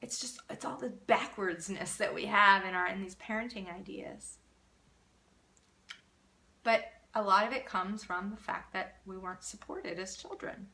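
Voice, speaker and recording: A middle-aged woman hosting a live parenting Q&A, answering viewer comments in an earnest, animated way. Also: mid-range voice, measured pace, vocal fry. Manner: earnest, animated, acts out children's voices.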